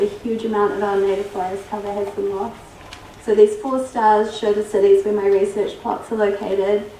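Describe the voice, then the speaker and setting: A woman's voice: medium pitch, warm tone, slight background noise. A young New woman presents her research to a workshop audience, her voice getting worn. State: losing her voice. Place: workshop hall. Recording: roomy distant hall recording.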